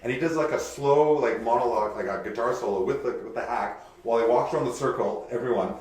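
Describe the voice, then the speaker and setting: A man spins lively anecdotes at a quick clip. His voice sits at a middle pitch. The room around him rings with heavy echo. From Kamloops, Canada. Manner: animated anecdote teller. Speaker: podcast guest, pro mountain biker. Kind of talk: casual storytelling. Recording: echoey room.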